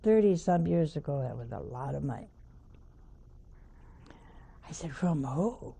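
A woman's voice: low-pitched, big pitch swings, unhurried, creaky, warm tone, a little hiss or hum. An older woman, a nun, preaching a sermon by telling a homely story with wry asides.

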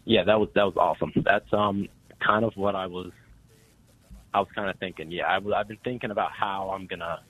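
Deep hesitant young male caller. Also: steady tone, slightly rough, phone-quality sound. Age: young adult. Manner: hesitant, halting, many fillers. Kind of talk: call-in question.

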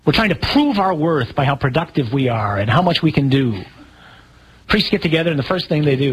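A man, a priest, teaching a live audience in a relaxed, humorous way, asking questions and telling stories. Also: a little high, fairly quick, breathy edge, poor audio. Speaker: Catholic priest.

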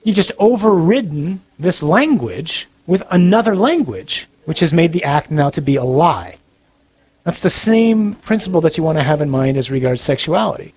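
A man's voice: a little high, a little mellow, slightly rough. A man giving a sermon-style talk, speaking in an earnest, direct and conversational way. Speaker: preacher.

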